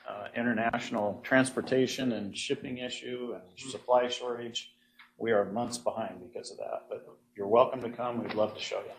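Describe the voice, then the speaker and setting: A man at a mid pitch speaks in a casual, inviting way during public comment. Steady background noise sits clearly under his voice.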